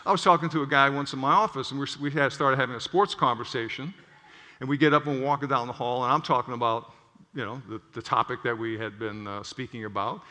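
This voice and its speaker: A man's voice: medium pitch, fast. A middle-aged male physician giving a stage talk, telling stories animatedly and checking in with the audience with "okay?". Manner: animated storytelling, tags lines with "okay?". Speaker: physician speaker. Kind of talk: conference talk. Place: large auditorium stage. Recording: echoey auditorium.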